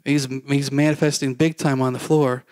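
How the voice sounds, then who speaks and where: A man's voice: mid-range voice, little pitch movement, normal speed, a little mellow, no echo. A man preaching a sermon as a pastor, telling a personal story in a casual, self-deprecating way and acting out the dialogue.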